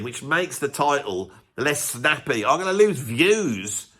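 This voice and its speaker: A man's voice: medium pitch, animated, a little slow, fairly bright tone, husky. A man hosting his music channel, rambling and teasing his viewers. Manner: rambling, teasing, self-mocking asides. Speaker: YouTube music channel host. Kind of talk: casual vlog commentary.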